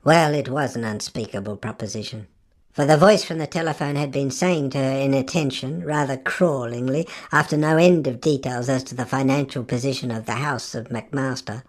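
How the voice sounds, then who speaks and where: A woman with a notably deep voice reads a literary novel aloud. Her narration is expressive and wry, and she shifts her emphasis as she goes. The delivery stays steady and unhurried. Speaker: audiobook narrator.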